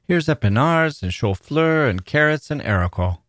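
A man reading a gentle, coaxing father. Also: on the high side, lively intonation, moderate pace, no room sound, studio quality, voice pushed up. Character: gentle, attentive father in his thirties.

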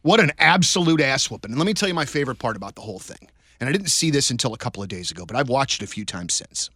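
A man co-hosting a sports podcast, telling stories in a rambling, animated way with many restarts. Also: medium pitch, very fast, slightly rough, no room sound, studio quality. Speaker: podcast co-host. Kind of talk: casual sports chat.

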